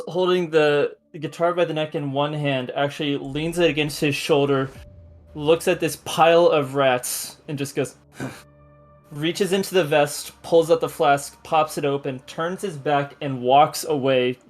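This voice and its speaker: A man's voice: fairly high pitch, steady tone, normal speed, soft background music. A man playing a tabletop game, narrating his character's actions in a descriptive, storytelling way. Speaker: player.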